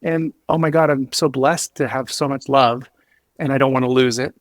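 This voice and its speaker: A man speaking as a podcast guest, earnest and emotional, halting with many restarts and fillers. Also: mid-range voice, fairly even intonation, no room sound, studio quality. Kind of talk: candid interview talk.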